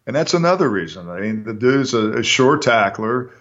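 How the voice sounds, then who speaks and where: A man's voice: mid-range voice, big pitch swings, moderate pace, fairly bright tone. A man co-hosting a casual sports talk show, easygoing and thinking aloud as he talks. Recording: dull lo-fi sound.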